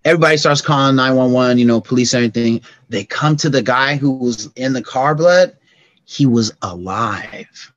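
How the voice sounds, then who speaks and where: A middle-aged man appears as a podcast guest in a casual storytelling conversation, speaking with an everyday mid-range pitch, fairly quickly and with hardly any pauses. He tells stories animatedly, acting out sound effects and quoted voices. The lo-fi sound is dry and close, with no room or echo.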